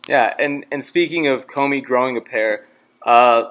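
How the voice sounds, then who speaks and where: A man's voice: medium pitch, unhurried, a bit bright. A young man interviewing for a student club, asking long questions in a hesitant way with many fillers. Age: young adult.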